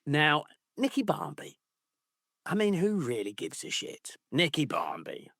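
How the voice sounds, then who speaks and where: A man's voice: fairly high pitch, big pitch swings, unhurried, fairly bright tone, no echo, studio quality. A man co-hosting a casual football podcast, ranting playfully and swearing freely. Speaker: podcast co-host.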